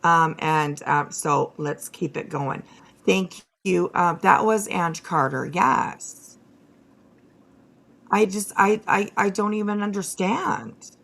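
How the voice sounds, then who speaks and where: Here a woman speaks slowly in a fairly low, creaky voice with a bit of brightness. Hosting a casual stream, she rants to her viewers with blunt profanity, piling up fillers and restarts as she talks to chat.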